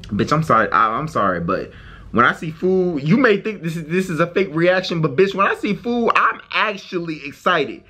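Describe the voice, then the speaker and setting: A man's voice: fairly high pitch, big pitch swings, normal speed, bright, forceful tone, slightly rough, highs cut off. A man hosting a casual reaction video, talking in a brash, profane and exaggerated way.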